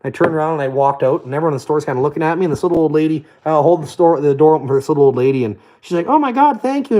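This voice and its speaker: A man's voice: mid-range voice, darkish tone, rough recording. A man delivering a blunt, profane, scornful rant to camera as a vlogger. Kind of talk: profane ranting monologue.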